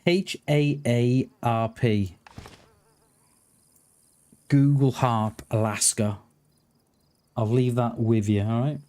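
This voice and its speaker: A man live-streaming a game, chatting excitedly with viewers, swearing casually and stumbling over his words. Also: mid-range voice, slow pace, pauses often. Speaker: livestreamer. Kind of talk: casual live-stream chat while gaming.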